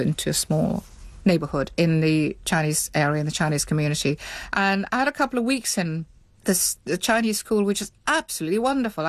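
A woman's voice: on the low side, no room sound. A middle-aged woman, interviewed, recalling her childhood in a reflective, hesitant way with many restarts. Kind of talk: reflective recollection.

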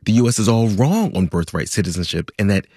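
Brief: male podcast host, low husky voice, lively delivery, dry studio sound. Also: fast, dry recording. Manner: animated, chatty, explanatory. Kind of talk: conversational news podcast.

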